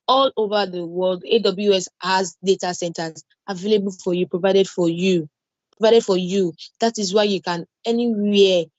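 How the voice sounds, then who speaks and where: A woman with a Nigerian English accent and a medium-pitched voice teaches an online cloud security training class. She repeats the key points and reassures learners with everyday examples. The recording is muffled, with no echo.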